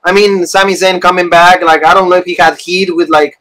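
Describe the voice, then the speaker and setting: A man's voice: high-pitched, flat delivery, fairly quick, sharp tone, low-quality recording. A man co-hosting a wrestling review podcast, chatty and agreeable, full of fillers. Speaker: wrestling show co-host. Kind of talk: casual podcast chat.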